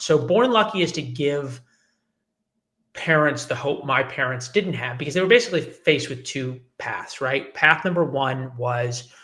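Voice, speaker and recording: A man's voice: a little high, sharp tone. A man in his forties, a journalist guest telling his life story in an interview, acting out the people he quotes. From United States. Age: 40s.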